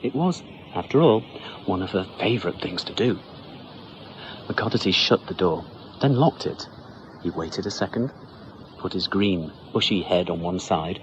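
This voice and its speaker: A man reading a children's story aloud in an expressive, playful way. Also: low-pitched, a little slow, pauses often, lo-fi sound, background noise.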